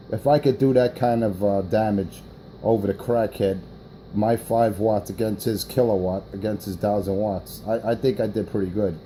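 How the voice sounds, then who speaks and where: A man's voice: on the low side, warm tone, a little hiss or hum, rough recording. A man talking on a CB radio, boastful and rambling, with many fillers. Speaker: CB radio operator. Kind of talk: radio chatter.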